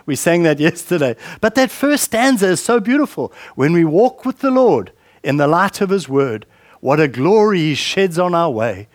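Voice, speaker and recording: Man, preacher, sermon, high voice, dry close sound, questioning, repeats himself. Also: lively intonation, moderate pace, dry recording. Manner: conversational, repeats words, asks questions.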